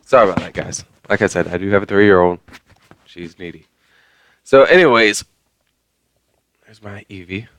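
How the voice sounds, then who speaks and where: This vlogger speaks at a normal speed with long pauses, his low voice a bit bright in a dry recording. He rants conversationally to camera, rambling with lots of fillers and mild swearing.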